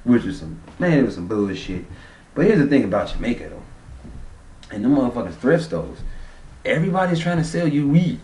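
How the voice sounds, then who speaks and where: A man's voice: mid-range voice, very animated, moderate pace, darkish tone, recorded from a distance. A man vlogger telling a travel story in a casual, profane, rambling way. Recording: roomy sound, off-mic.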